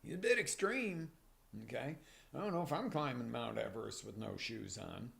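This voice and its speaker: A man hosting a live motivational coaching show, talking with energy and swinging from near-whispers to loud bursts. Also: medium pitch, normal speed, gravelly. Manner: energetic, animated, drops to whispers then surges loud. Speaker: life coach and show host. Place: broadcast live on social media.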